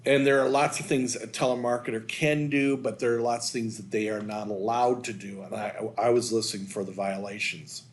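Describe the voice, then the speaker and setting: A man's voice: fairly low pitch, level tone, fairly quick, hardly any pauses. A man hosting a video, reading notes aloud and adding loose asides with fillers. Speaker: host. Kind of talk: casual narration reading from notes.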